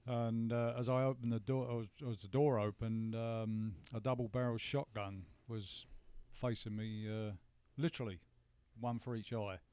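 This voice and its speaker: Hesitant British man, smooth voice. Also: mid-range voice, fairly even intonation, moderate pace, hardly any pauses, a little mellow, no room sound. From United Kingdom. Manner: hesitant, many fillers, frequent yeahs. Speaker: radio co-host. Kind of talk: radio talk show chat.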